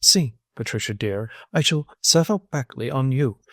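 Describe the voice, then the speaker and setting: A man reading an audiobook, voicing a sick, jealous old man who wails, pleads and rages in turn, his voice climbing high and loud. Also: expressive, normal speed, no room sound, studio quality. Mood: pleading. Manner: querulous, wailing, pleading. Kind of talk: audiobook character voice.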